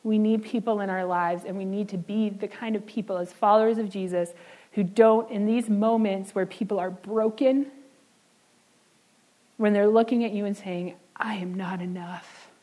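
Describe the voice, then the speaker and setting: A woman's voice: mid-range voice, steady tone, low-quality recording. Earnest woman preaching a sermon. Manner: earnest, slows for emphasis, dips soft on key words.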